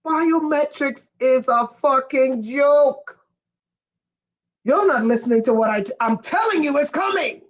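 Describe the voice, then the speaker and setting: A woman giving an impassioned livestream monologue, emphatic and profane, with sudden bursts of shouting. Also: high-pitched, a little slow, poor audio. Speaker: livestream speaker.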